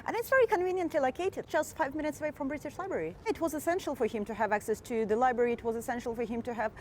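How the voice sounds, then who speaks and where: A woman's voice: high-pitched, racing, low-quality recording. A woman tour guide earnestly explaining history outdoors on city streets, with faint traffic behind. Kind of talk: informative storytelling.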